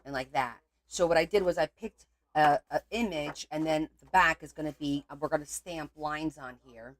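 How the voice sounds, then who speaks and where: A woman's voice: low-pitched, normal speed, no room sound. A woman hosting a casual crafting video at her home craft table, chatting loosely and breaking into exasperated outbursts. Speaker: crafting channel host.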